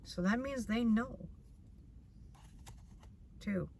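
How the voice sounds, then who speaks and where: A woman's voice: fairly high pitch, very slow, creaky, a little mellow, a little hiss or hum. A woman doing a casual tarot reading in a blunt manner. She swears freely and repeats herself. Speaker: tarot reader.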